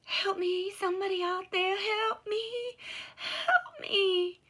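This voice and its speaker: A woman reading a story aloud, voicing a desperate woman crying out for help from a riverbank in high, strained cries. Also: slow, bright, forceful tone, exaggerated voice.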